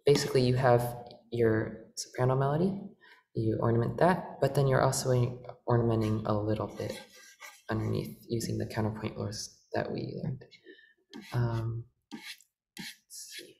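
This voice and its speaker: A man with a gravelly, creaky voice teaches at the organ, patiently walking through music theory and often correcting himself. The sound is echoey and roomy, with the organ heard behind him. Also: mid-range voice, fairly even intonation, moderate pace, darkish tone. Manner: patient, explanatory, with frequent fillers and self-corrections. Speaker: organ workshop presenter. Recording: echoey room with organ playing.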